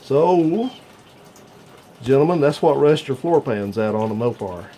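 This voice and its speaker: A man's voice: mid-range voice, lively intonation, unhurried, dark tone, slight background noise. A man, talking folksy and explaining a car repair while filming it on a handheld phone outdoors. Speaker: mechanic, channel host. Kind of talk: hands-on repair demonstration. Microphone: handheld phone camera.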